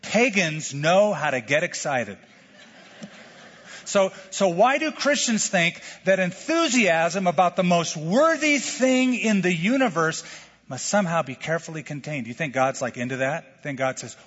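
A middle-aged male pastor preaching a sermon in a lively, conversational way, full of questions to the congregation. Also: fairly high pitch, a little slow, breathy edge. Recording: lo-fi sermon recording with long hall reverb.

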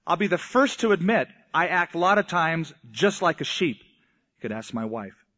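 A male pastor giving a conversational sermon, with slow, emphatic phrasing. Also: on the high side, very animated, pushed and bright. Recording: echoey hall, dull lo-fi sound.

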